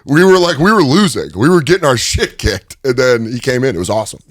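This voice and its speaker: A man's voice: mid-range voice, fast talker, no echo, studio quality. A man who is a stand-up comedian, telling stories in a casual interview with lots of laughter and energy. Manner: animated, laughing storyteller. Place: recording studio.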